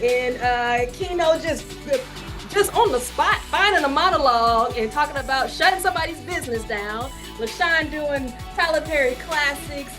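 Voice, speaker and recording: A woman's voice: high voice, lively intonation, moderate pace, over music. A woman acting coach wrapping up an online class in a chatty, upbeat way, repeating her words and laughing easily, on a video call. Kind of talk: casual encouraging wrap-up talk. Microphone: video call microphone.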